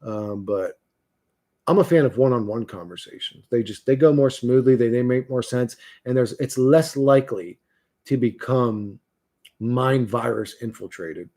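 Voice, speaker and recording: A man's voice: mid-range voice, measured pace, warm tone. A man hosting a livestream, talking bluntly and profanely in a rambling, casual way with frequent restarts. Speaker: livestream host.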